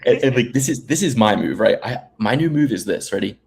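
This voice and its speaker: A man's voice: medium pitch, lively intonation, fairly quick, vocal fry, a little mellow. A man co-hosting a casual podcast chat, telling long rambling stories with fillers and restarts. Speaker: podcast co-host.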